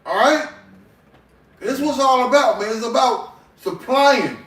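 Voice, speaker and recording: A man leading a casual faith group discussion, exhorting the others in a preachy way and filling pauses with strings of "um". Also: very high-pitched, animated, fairly bright tone. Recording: echoey room, mic far off.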